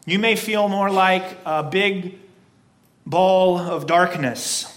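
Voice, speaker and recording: A man preaching a sermon as pastor, with an emphatic, repetitive cadence and slow, stressed phrases. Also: high-pitched, a bit bright.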